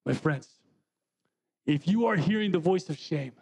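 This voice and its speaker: A man's voice: a little high, lively intonation, a little slow, a little mellow, breathy edge. A man preaching a sermon in a church, talking conversationally and asking the congregation questions. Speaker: guest preacher. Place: church sanctuary.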